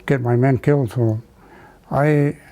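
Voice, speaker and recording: An older man from the United States, telling a wartime memory in an oral history interview, halting with many fillers and restarts. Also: mid-range voice, fairly even intonation, warm tone, poor audio. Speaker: veteran interviewee.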